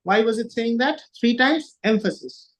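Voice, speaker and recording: A man's voice: very high-pitched, lively intonation, normal speed, fairly bright tone, muffled recording. A man giving a devotional scripture class, emphatic, repeating phrases for stress and asking rhetorical questions. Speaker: lecturer on scripture.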